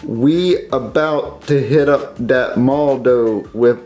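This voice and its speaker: A man's voice: medium pitch, takes it slowly, a little mellow, soft background music, lightly acted. A man voicing a naive, eager male puppet in a comedy sketch, talking hesitantly and stammering as he agrees to everything.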